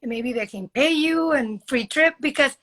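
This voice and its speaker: A woman in her thirties, a model appearing as a guest, chats casually on a live video call about modeling, rambling and talking directly to the host. Her voice is high-pitched and fairly bright, a little slow, with slight background noise.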